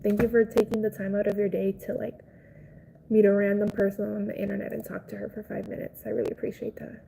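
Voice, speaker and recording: A woman's voice: mid-range voice, flat delivery, fast, vocal fry, warm tone, slight background noise, low-quality recording. A young adult woman chatting casually with viewers on a live stream. She rambles with lots of "like" fillers and speaks in an emotional, sympathetic way. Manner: sympathetic and consoling.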